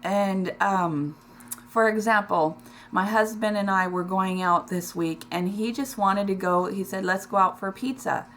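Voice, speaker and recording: A middle-aged woman talking in a personal vlog, emotional and close to tears, halting with many ums and restarts. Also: mid-range voice, a bit bright. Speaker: weight loss vlogger.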